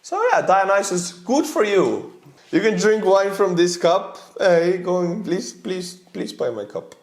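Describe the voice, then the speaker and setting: A man's voice: sits high, lively intonation, a little slow, reverberant. A man with an Estonian accent, rambling and chuckling as he reacts to memes. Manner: rambling, chuckling, earnest asides. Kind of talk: casual reaction commentary.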